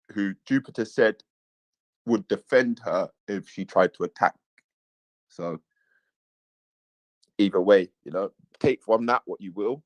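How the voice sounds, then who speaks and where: A man's voice: fairly low pitch, no room sound. A man live-streaming who reads viewers' chat messages aloud and chats casually, often repeating himself.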